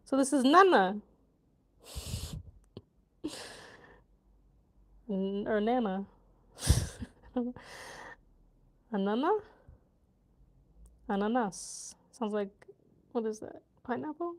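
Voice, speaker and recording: A woman with a high voice talks slowly and casually on her vlog. She giggles a lot, tries new words aloud and mutters half to herself as she works them out. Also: animated, a bit bright. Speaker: vlogger learning a language.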